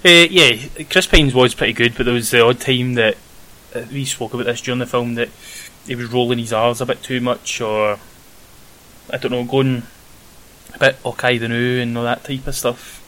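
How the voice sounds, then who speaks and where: A young Scottish man chatting casually about a film as a podcast co-host, rambling with many pauses and ums. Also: medium pitch, fairly even intonation, bright, forceful tone, poor audio. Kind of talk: casual film review chat. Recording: faint hiss.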